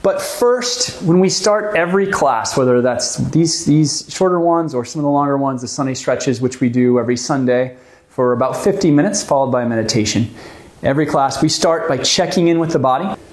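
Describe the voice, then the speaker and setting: A man calmly leading a stretching class, guiding the moves step by step and explaining why each one helps. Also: mid-range voice, a little fast. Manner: calm, gently coaching, explains the reasons for each move. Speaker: movement class instructor. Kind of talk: guided exercise class instruction.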